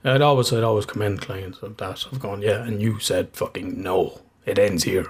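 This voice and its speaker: A man's voice: lowish voice, moderate pace, slightly rough. Man telling stories over casual chat. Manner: swears freely, storytelling with laughs.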